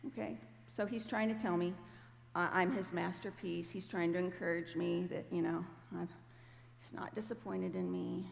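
A woman telling a testimony story to a congregation in a conversational, animated way, sometimes acting out the voices of the people she quotes. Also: fairly low pitch, moderate pace, gravelly. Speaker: guest speaker. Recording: hall reverb with faint background noise.

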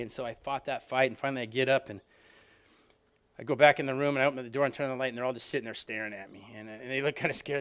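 Fast-talking man sharing his recovery story. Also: medium pitch, steady tone, a bit bright, clean tone. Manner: conversational storytelling, frequent "you know what I mean", restarts. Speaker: alumni reunion speaker. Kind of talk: personal recovery story told to an audience.

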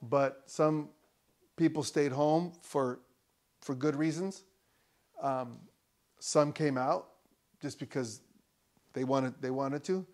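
A male pastor preaching a sermon in church, conversational with loud emphatic peaks and joking asides. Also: medium pitch, slow, long pauses.

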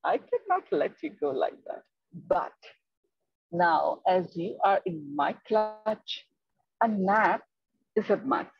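Woman as smug sleepy snake, slow and pleased with himself; storybook read. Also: medium pitch, very animated, creaky, full character voice. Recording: dull lo-fi recording.

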